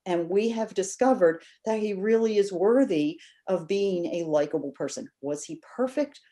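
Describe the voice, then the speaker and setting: Mellow-voiced woman telling a story. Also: medium pitch, moderate pace. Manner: animated storyteller who acts out quoted voices. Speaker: podcast guest, biographer. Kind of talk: casual interview storytelling.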